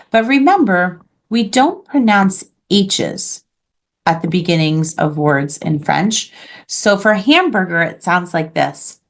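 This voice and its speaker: A woman leads an online beginners' French lesson and models each word with patience and clarity. She speaks slowly at a somewhat low pitch. Her tone is that of a teacher checking that the class follows along. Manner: patient, clear modeling of pronunciation.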